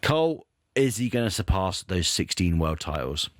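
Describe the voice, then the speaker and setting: A man's voice: sits low, big pitch swings, normal speed, dry recording, clean studio sound. A young man hosting a casual chat, jokey and chatty. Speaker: podcast host.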